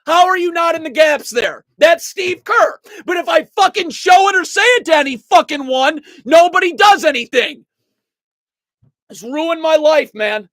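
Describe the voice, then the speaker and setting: High-voiced, exasperated basketball film breakdown. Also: lively intonation, normal speed, no room sound. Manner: exasperated, shouting and cursing; breaks into helpless laughter. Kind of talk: angry play-by-play film breakdown.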